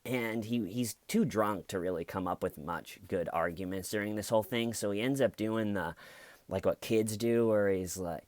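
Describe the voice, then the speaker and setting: Low dry voice guy doing funny true crime commentary, acts out everyone. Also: normal speed, no room sound. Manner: animated storyteller, acts out quotes. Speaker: channel host.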